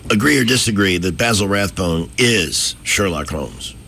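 A man's voice: low voice, expressive, normal speed, gravelly, sharp tone, slight background noise. A man hosting a radio show in casual chat, jokey and playful, taking callers. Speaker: radio host.

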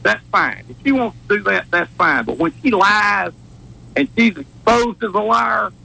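A man's voice: sits high, animated, gravelly, sharp tone, low-quality recording. A man with a Wiregrass Alabama accent, a judge calling in to a talk show, talking in a combative, fired-up way. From southeast Alabama. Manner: fired-up, rapid, combative, laughing.

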